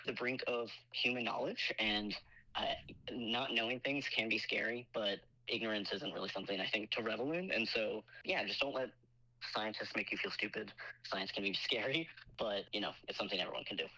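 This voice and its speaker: A man's voice: lowish voice, sharp tone, no echo, low-quality recording. A man calling in to a podcast as a scientist guest, speaking hesitantly with many fillers. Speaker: caller, geneticist. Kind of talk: call-in interview.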